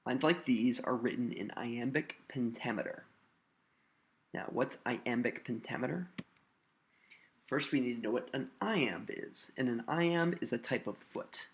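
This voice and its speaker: A man's voice: medium pitch, normal speed. A man teaching a recorded lesson, explaining patiently and stressing syllables to demonstrate them.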